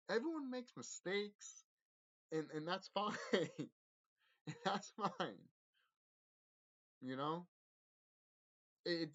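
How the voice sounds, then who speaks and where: A man's voice: medium pitch, a bit bright. A man talks straight to his viewers in an intense, profane spiritual monologue, often repeating himself and restarting his sentences. His voice leaps up and down as he speaks. The recording is muffled and lo-fi. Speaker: vlogger. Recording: dull lo-fi audio.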